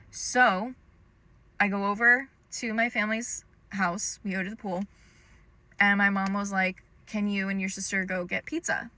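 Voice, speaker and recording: A woman's voice: medium pitch, bright, forceful tone, no echo. A young adult woman telling a personal story in a casual storytime monologue, chatty and full of "um" and "like". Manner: chatty, lots of "um" and "like". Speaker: storytime creator.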